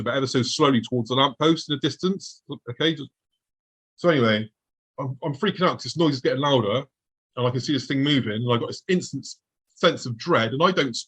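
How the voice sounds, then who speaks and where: Guest: husky-voiced man, middle pitch, telling a story vividly. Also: fairly bright tone, low-quality recording. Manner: vivid storytelling, acting out his own past thoughts. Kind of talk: recounting a personal encounter.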